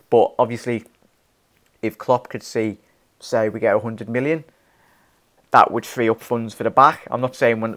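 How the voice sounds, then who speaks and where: Young male host, loose live-stream chatter, keeps restarting, laughs a lot, mid pitch. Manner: rambling, laughs often, many restarts, calls viewers fella and mate. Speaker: fan channel host. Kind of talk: casual live-stream chat reading viewer comments.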